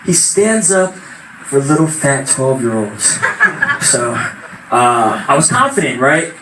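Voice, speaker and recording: A young man telling an animated stand-up story at an open mic, now and then shouting out quoted voices. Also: medium pitch, takes it slowly. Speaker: stand-up comedian. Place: small venue at open mic night. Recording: echoey room, far from mic, noisy.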